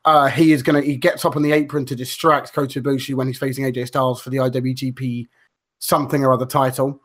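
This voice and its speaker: A man's voice: medium pitch, flat delivery, fast talker, fairly bright tone. A man co-hosting a podcast, rambling through a story in casual chat with lots of fillers, restarts and swearing. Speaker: podcast co-host.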